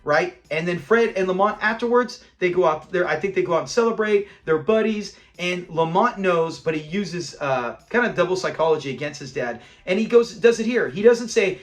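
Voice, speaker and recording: A man's voice: fairly high pitch, brisk, few pauses. A man hosting a casual episode review, animatedly retelling scenes and acting out characters' lines. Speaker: host of a sitcom review channel.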